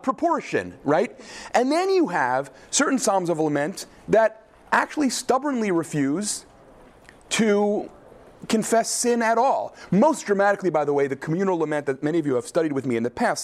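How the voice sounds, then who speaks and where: Lively male lecturer, slightly high voice, questioning class style. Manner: animated, questioning, frequent "right?". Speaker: teacher.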